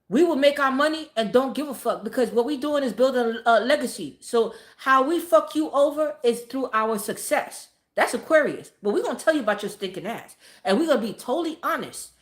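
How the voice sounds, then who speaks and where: Female vlogger, slightly high voice, blunt and profane, casual rant; roomy echo. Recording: echoey room.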